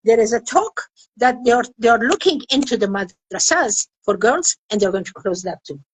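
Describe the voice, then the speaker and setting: A woman's voice: fairly high pitch, animated, moderate pace, slight background noise, rough recording. An older woman from Afghanistan, a women's rights activist, speaking earnestly in an emotional interview and repeating phrases for emphasis. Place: indoors in Kabul.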